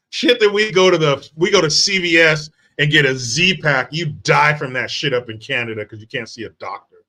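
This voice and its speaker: A man's voice: fairly high pitch, moderate pace, bright, forceful tone. A man hosting a live stream from the United States, reacting to chat in a brash, mocking, profane way. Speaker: livestream host.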